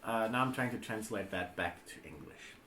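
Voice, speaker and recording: Man, livestream co-host, joking casual banter, very animated pitch, echoey room. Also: normal speed, slight background noise. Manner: joking, expressive, swings up and down a lot.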